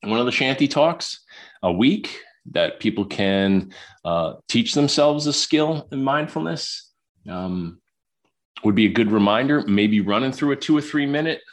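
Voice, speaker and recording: A man's voice: medium pitch, animated, unhurried. A man from Queens, a psychologist talking as a podcast guest, chatty and prone to repeating his words. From Queens, New York. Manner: talkative, repeats words when starting sentences. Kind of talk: podcast interview conversation.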